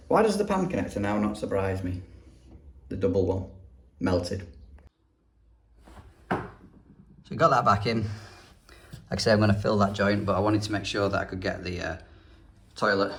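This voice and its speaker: A young English plumber chats his way through a bathroom job for a casual work vlog, tossing in dry, grumbling asides. His voice is low and animated at a normal speed, with frequent pauses and slight background noise.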